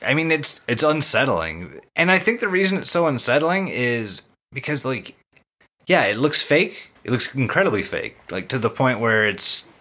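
A man's voice: medium pitch, big pitch swings, moderate pace, sharp tone. A man co-hosting a podcast, describing a video in rambling casual chat. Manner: rambling, hesitant, many fillers. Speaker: podcast co-host.

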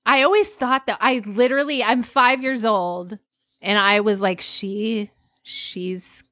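A woman in her forties co-hosting a podcast, telling a story in an animated way and laughing often. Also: on the high side, moderate pace, dry recording, studio quality. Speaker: podcast co-host. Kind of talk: casual chat.

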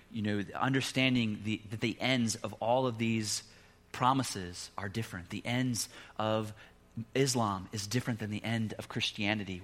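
A middle-aged man preaching a sermon, telling a personal story with animated, rising emphasis and closing in a soft prayer. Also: mid-range voice. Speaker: pastor.

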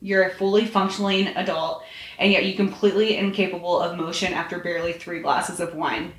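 A woman's voice: lowish voice, steady tone, fairly quick, close to an everyday voice. A woman reading aloud, voicing a sardonic young male wizard with a dry, clipped, grudging delivery. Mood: teasing. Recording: roomy echo, faint noise.

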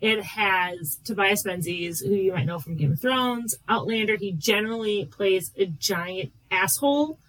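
A woman co-hosting a podcast in casual chat, excitable and rambling, laughing often. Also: mid-range voice, unhurried, few pauses, poor audio. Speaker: podcast co-host.

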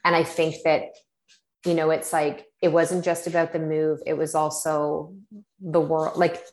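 Low-voiced woman telling a story. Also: a little slow, echoey room. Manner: animated, acts out her own reactions, many fillers. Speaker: podcast guest. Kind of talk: casual storytelling chat.

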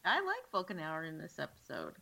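Woman cohost, bright clear voice, laid back, trails off sometimes. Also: low voice, wildly swooping pitch, a little fast. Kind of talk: casual chat.

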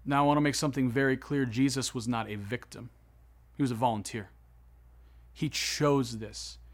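A man preaching a sermon, retelling a story with swings between hushed, solemn passages and excited, rising ones. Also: mid-range voice, moderate pace. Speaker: pastor.

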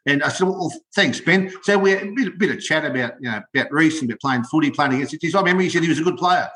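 Older aussie bloke yarning about footy, fairly high voice, gets worked up and repeats himself. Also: male voice, racing, roomy sound. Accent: Australian. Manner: animated storytelling, repeats words when excited. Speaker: podcast co-host, former rugby league player. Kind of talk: casual sports chat.

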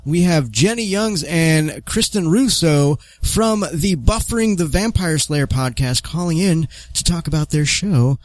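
A man's voice: a little high, animated, a little slow, hardly any pauses, dry recording. A man hosting a podcast in a casual chat, talking with a lisp because he is wearing fake vampire fangs. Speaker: podcast host.

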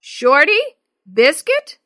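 A woman reading aloud as a concerned father calling for a lost dog. Her voice stays high and dry, with no low male register. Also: very animated, normal speed, dry recording, heavily acted. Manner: calls out loudly into the dark. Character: concerned father searching the street.

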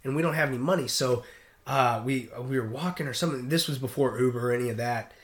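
A man's voice: medium pitch, fast talker. A middle-aged man and mariner telling sea stories in casual podcast chat, acting out the voices of the people in them. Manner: animated, acts out voices in anecdotes. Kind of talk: casual storytelling.

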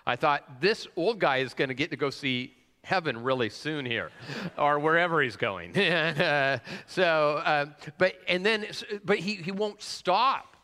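A pastor speaks in a slightly high, pushed and bright voice, animated but at a measured pace. In a large, reverberant hall, he preaches a conversational sermon around a personal story, with frequent "uh"s and questions for the congregation.

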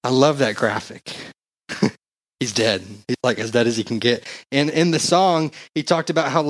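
A young adult man, a pastor, preaching a casual, slangy sermon into a handheld mic and growing more excited as he goes. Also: mid-range voice, normal speed.

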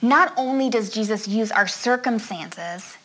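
A woman giving a conversational sermon, chatty and expressive, often laughing and checking in with her listeners. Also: a little high, measured pace, rough recording. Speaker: preacher.

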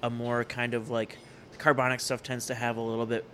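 Male co-host, mid pitch, eager but halting, faint ambience. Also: completely flat delivery, bright, forceful tone, a little hiss or hum. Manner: hesitant, many fillers and restarts, enthusiastic. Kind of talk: casual podcast chat.

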